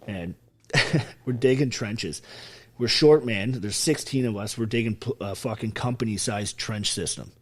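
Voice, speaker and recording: A man in his thirties, a former soldier from Canada, telling his life story in a casual interview with lots of swearing and animated retelling. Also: on the low side, unhurried. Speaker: podcast guest, former soldier.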